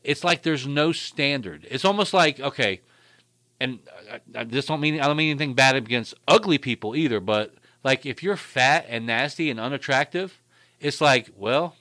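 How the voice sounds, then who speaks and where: Young male podcast co-host; profane, meandering casual talk, medium pitch, dead-dry sound. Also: animated, normal speed, bright, forceful tone, no room sound. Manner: rambling, profane, keeps saying "you know what I mean". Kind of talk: crude casual chat.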